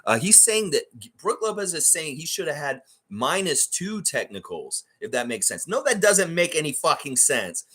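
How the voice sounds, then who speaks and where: A man's voice: fairly high pitch, very animated, moderate pace, hardly any pauses, fairly bright tone, slightly rough. A man hosting a fan reaction livestream, ranting in a heated, profane, mocking way.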